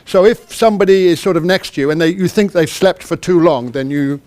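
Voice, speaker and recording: In a conference hall, a British man gives an interactive talk in a voice a little high for a man, with a darkish tone. He speaks briskly, chatty and self-deprecating, and keeps throwing questions at the audience.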